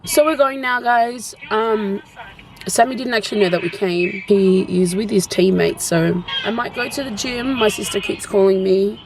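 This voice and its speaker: A woman's voice: medium pitch, moderate pace, noisy background. A woman with an Australian accent chatting casually in a car for her vlog, giggly and teasing, a little sick with a cough. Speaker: vlogger. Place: in a parked car.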